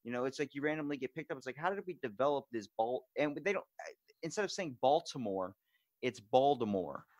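A man from Maryland hosting a casual podcast chat, an animated storyteller who swears freely. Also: medium pitch, quick pace, dry recording, clean studio sound. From Maryland, USA. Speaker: podcast host.

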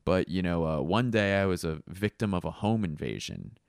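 Friendly rideshare driver, quoted by a man, chatty, matter-of-fact, deep gravelly voice. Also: animated, moderate pace, dry recording, clean studio sound. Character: friendly male rideshare driver who overshares.

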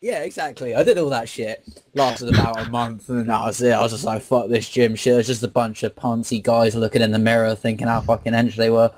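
A man's voice: medium pitch, fairly even intonation, a little fast. Joking guy in group chat. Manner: joking, crude banter.

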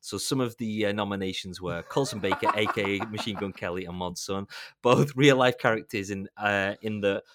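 A man's voice: fairly low pitch, fairly quick, heavy background noise. A man co-hosting a film podcast, reading out award nominees with wry asides and chuckles. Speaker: podcast co-host. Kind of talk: casual film chat.

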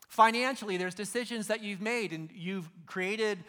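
Bright, high-voiced man preaching casually. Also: normal speed, few pauses, smooth. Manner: casual storytelling, acts out biblical figures in slang. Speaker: pastor. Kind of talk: sermon.

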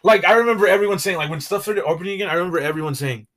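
A young man co-hosts a podcast in a rambling casual chat full of fillers and swearing. He talks rapid-fire in a high, slightly bright voice.

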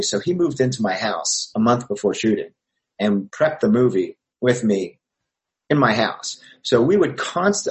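An actor and filmmaker from Montreal, Canada, appears as an interview guest, telling rambling anecdotes packed with fillers. His voice is medium in pitch, and the audio quality is poor.

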